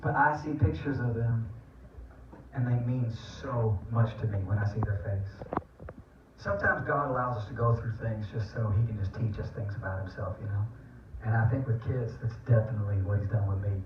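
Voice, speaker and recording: A man's voice: lowish voice, fairly quick, noisy background. A man giving a personal testimony sermon to an audience, telling family stories in an earnest, tender way. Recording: dull, echoey room from far off.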